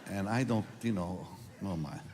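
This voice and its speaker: An older man preaching a personal testimony, telling the story with strong emotion and moving between hushed and loud moments. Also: sits low, moderate pace, noisy background. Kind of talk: testimony sermon. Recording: long hall reverb.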